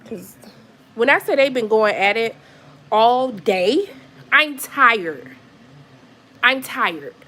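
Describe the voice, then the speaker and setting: Woman, higher pitch, casual live-stream vlogger at home, exasperated venting. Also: animated, takes it slowly, long pauses, noisy background. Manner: venting, exasperated, chatty with asides. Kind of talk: casual chat to viewers. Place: her apartment at home.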